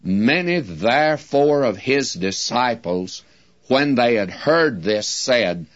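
A man teaching a Bible-study sermon in a slow, deliberate, folksy preaching manner, addressing his listeners directly. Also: mid-range voice, lively intonation, muffled recording.

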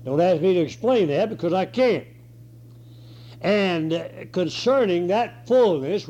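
A man preaching a sermon and reading scripture, hoarse with a cold and clearing his throat now and then. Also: high-pitched, dark tone. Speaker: pastor. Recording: dull lo-fi recording.

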